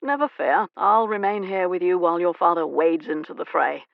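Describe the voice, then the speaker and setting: An arrogant, predatory earl, as a woman voices him who speaks in a lazy, snide drawl. The voice carries a gravelly texture. It is recorded dry and a bit dull. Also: high voice, normal speed, no echo.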